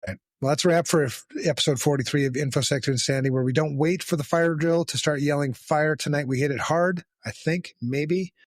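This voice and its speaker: A man's voice: on the high side, fairly quick, hardly any pauses, dry recording. A man co-hosting a casual podcast, joking around and swearing freely. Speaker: podcast co-host.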